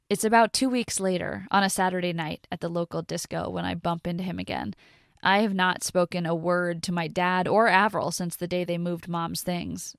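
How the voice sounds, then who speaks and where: A woman reading a first-person story in a steady, intimate narration. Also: lowish voice, creaky, dry recording, clean studio sound.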